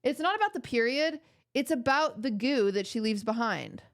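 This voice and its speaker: Young adult female streamer, casual joking chat with viewers, slightly high pitch. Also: animated, moderate pace. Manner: joking, rambling, mock-outraged.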